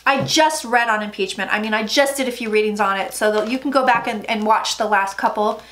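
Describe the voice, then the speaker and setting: A woman with a high, bright-toned voice chats her way through a tarot reading on her own channel. She talks emphatically, then slips into low murmured asides, with a faint hiss of noise underneath. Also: fairly quick. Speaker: psychic tarot reader. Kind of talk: casual tarot reading vlog.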